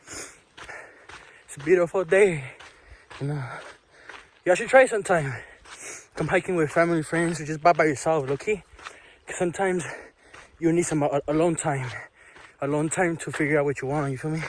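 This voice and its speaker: A man's voice: a little high, a little fast, long pauses, slight background noise. A young man vlogging a hike outdoors, slangy and upbeat, talking straight to his viewers while out of breath. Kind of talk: casual hiking vlog. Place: outdoors on a hiking trail.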